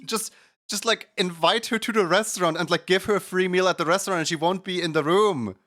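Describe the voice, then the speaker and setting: A man streaming, chatting casually in an animated, rambling way with lots of fillers and laughter. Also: high voice, a little fast, no echo, clean studio sound.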